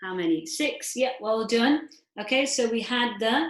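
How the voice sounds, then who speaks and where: A woman's voice: fairly high pitch, expressive, measured pace. Woman, recitation teacher, patient step-by-step explaining, video call, roomy echo. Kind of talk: online class teaching.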